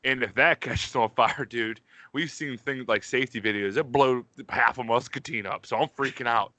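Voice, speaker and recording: Rambling, profane Pittsburgh guy with a bright voice. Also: medium pitch, moderate pace, no echo. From Pittsburgh, USA. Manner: profane, rambling, uses 'dude' constantly. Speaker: podcast co-host. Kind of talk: casual storytelling chat.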